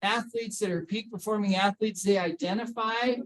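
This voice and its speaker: A man with a high-pitched, steady voice speaks at normal speed on a low-quality recording. As a workplace wellness speaker, he motivates staff on mental health by asking questions, calling people by name, and emphatically restating key points.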